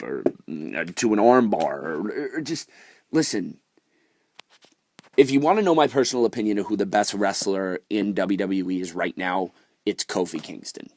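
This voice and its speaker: A man's voice: fairly low pitch, animated, unhurried, no echo. A young man ranting casually about wrestling on his vlog, exasperated, with lots of fillers and restarts. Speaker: wrestling vlogger. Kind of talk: casual opinion rant.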